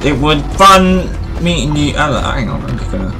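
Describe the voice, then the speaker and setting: A man giving casual gaming commentary, joking and excitable, talking back to the characters in the game. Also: fairly high pitch, moderate pace, over loud music. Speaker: let's play host.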